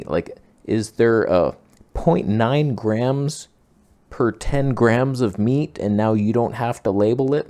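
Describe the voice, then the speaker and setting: A man's voice: on the low side, mellow. A man hosting a health vlog, answering viewer questions in a chatty, frank and sometimes indignant way, full of "like" fillers. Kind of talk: casual rambling Q&A monologue.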